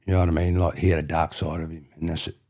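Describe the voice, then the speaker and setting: A middle-aged man with an Australian accent, his voice low, dark and husky. He tells stories in a loose, rambling way and keeps circling back with "you know what I mean". It sounds like a relaxed podcast conversation. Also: very fast. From country New South Wales, Australia. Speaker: podcast guest, former rugby player. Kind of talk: casual reflective storytelling.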